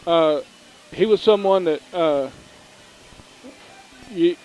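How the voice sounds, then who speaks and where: A middle-aged man co-hosting a local sports broadcast, telling folksy, animated stories. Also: fairly high pitch, slow pace, rough recording. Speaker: radio sports co-host. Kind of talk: casual storytelling.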